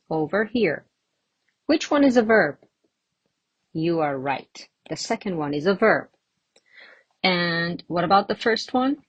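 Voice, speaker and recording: A woman teaching an English pronunciation lesson, slow and patient, explaining with examples and pauses. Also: lowish voice, slightly rough, dry recording.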